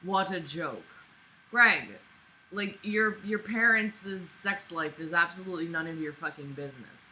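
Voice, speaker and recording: A woman's voice: fairly low pitch, unhurried, bright, forceful tone, a little hiss or hum, poor audio. A woman reading a novel aloud and breaking off with sarcastic, profane, exasperated commentary. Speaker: book reader and commentator.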